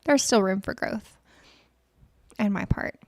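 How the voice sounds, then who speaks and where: A chatty woman, a guest on a morning show, talking in a bubbly way and joking about herself. Her voice sits at a middle pitch, recorded close and dry. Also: takes it slowly, no room sound. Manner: bubbly, self-mocking, chatty. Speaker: credit union guest. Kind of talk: casual chat.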